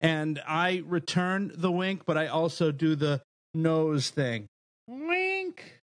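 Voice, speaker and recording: A man hams it up in character during a tabletop game. His voice is high, his pace is slow and deliberate, and the sound is close and dry. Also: sing-song, no room sound. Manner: boastful, hammy. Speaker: player.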